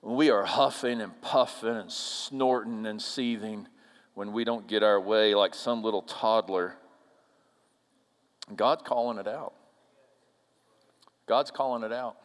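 A male pastor from the upper Midwest preaching a sermon, animated, swinging between loud emphasis and hushed asides. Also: medium pitch. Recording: long reverb of a church hall.

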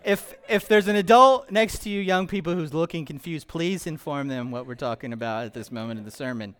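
A man preaching a sermon as pastor, joking and playful, swinging between hushed and loud, emphatic delivery. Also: a little high, brisk, smooth, a faint crowd.

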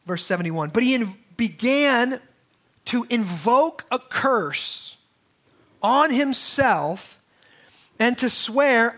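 A man's voice: extremely high pitch, expressive, takes it slowly, fairly bright tone. A man preaching a sermon as pastor, in a conversational way with restarts and asides.

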